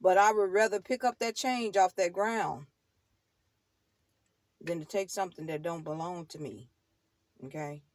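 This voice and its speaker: A middle-aged woman hosting a tarot channel talks straight to her viewers in a casual monologue. Her voice is fairly low and darkish, a little slow with long pauses. She's emphatic and repetitive, laughs often, and slips in preachy asides.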